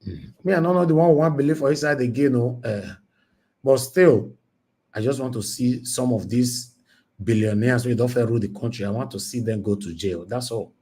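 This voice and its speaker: A man's voice: medium pitch, normal speed. Nigerian man reacting to news headlines. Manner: animated, switches between Pidgin and English, exclaims "Eh?". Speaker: news commentary host. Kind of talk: casual news reaction livestream.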